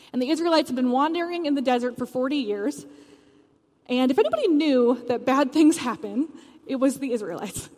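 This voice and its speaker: A woman's voice: high-pitched, long reverb tail. A woman preacher giving a sermon, telling a personal story earnestly.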